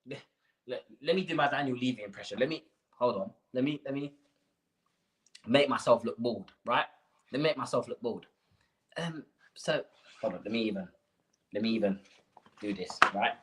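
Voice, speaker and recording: A man's voice: a little high, pushed and bright, rough recording. A man hosting a live fan stream, ranting with rhetorical questions and slang. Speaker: fan channel host.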